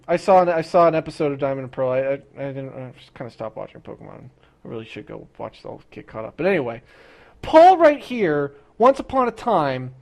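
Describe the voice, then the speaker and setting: Young streamer ranting profanely to chat. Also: mid-range voice. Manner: profane, repeats words, stumbles over restarts; acts out characters in quick impressions. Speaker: livestreamer talking to chat. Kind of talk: rambling casual rant.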